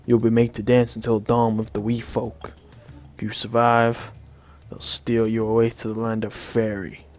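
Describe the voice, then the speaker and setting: A man's voice: on the low side, level tone, darkish tone, close to an everyday voice. A man putting on a lilting Irish barfly. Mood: blarney. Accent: put-on Irish. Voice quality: lilting, slow, theatrical brogue. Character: boozy male Irish barfly spinning tall tales.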